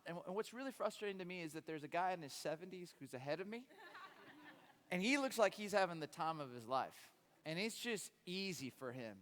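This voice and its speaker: High-voiced man preaching in a reverberant church. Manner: animated storytelling, frequent stammered restarts. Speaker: guest preacher. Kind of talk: sermon with a humorous story. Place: church sanctuary. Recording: long hall reverb.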